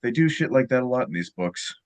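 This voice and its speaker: A man narrating as game master of a tabletop game, calm and descriptive. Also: mid-range voice, quick pace, smooth.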